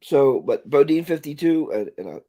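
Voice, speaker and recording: A man's voice: a little high, big pitch swings, normal speed, dark tone. A man hosting a casual livestream, ranting and reading viewer comments aloud. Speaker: livestream host.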